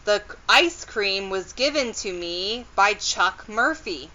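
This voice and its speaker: A woman voicing a friendly adult male mayor in a children's storybook read-aloud, genial and unhurried. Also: medium pitch, expressive, bright, forceful tone, dull audio.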